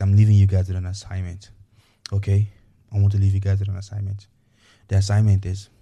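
A man's voice: sits low, warm tone. A man hosting a motivational podcast, talking straight to his listeners in an earnest, repetitive coaching manner. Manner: earnest, repetitive, coaching tone with frequent "okay" and "you know". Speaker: podcast host.

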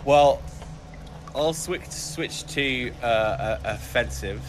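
A man playing a tabletop game, describing his character's actions in an unhurried way. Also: mid-range voice, background noise. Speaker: player.

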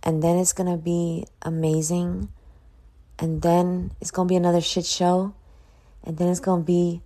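A woman hosting her own podcast, just woken up and yawning, talking in a slow, reflective drawl with casual swearing. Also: fairly low pitch, little pitch movement, warm tone. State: sleepy, yawning. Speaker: podcast host. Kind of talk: casual solo podcast talk.

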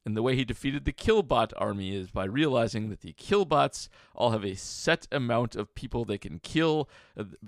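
A man's voice: medium pitch, gravelly, no room sound, studio quality. A man co-hosting a sports podcast, chatting casually and rambling with restarts. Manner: rambling, self-interrupting. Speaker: podcast co-host.

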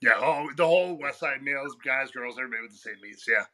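A man's voice: medium pitch, quick pace, crowd noise. A man being interviewed on a podcast as a guest coach, telling stories casually. He swears freely and laughs often. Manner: profane, laughs often, tells stories in a rush.

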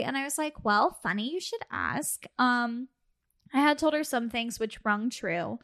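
A woman's voice: on the high side, a little slow. A woman co-hosting a podcast, telling a personal story in casual chat and acting out the quoted dialogue. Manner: animated, acts out quoted dialogue, laughs often. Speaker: podcast co-host.

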